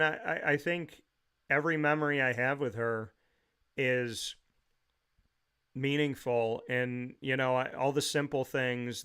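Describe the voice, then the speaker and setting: Guy hosting a talk show, reminiscing heartfelt, keeps restarting sentences, smooth resonant voice. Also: mid-range voice, a bit bright. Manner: rambling storyteller with frequent restarts.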